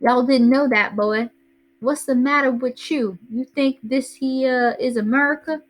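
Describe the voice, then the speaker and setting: Drawly southern guy, slow with lots of uhs, pitched up, a lady teacher putting him on. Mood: mock-menacing. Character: father mocking a drawling Southern man. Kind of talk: reading a novel aloud to a class.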